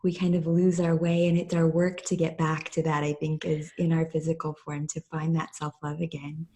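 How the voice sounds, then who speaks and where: Young woman, podcast host, gentle affirming listener, low mellow voice. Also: monotone, normal speed. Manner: soft-spoken affirming listener. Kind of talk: casual interview and read ad.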